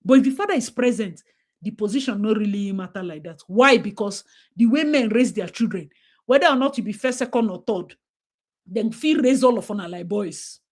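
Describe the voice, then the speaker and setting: A woman's voice: mid-range voice, expressive, brisk. A woman with a Nigerian accent talking emphatically in a casual discussion, slipping into Pidgin and acting out what parents say. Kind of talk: casual talk-show discussion.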